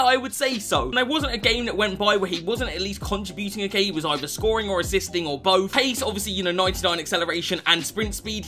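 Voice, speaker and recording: A man giving lively, excitable gameplay commentary, swearing freely and calling his viewers lads. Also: high-pitched. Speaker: gaming YouTuber.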